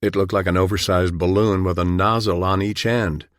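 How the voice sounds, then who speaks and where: Deep low guy reading an audiobook, steady, super dry close mic. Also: moderate pace, hardly any pauses, no room sound. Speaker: audiobook narrator. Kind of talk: scripted audiobook narration.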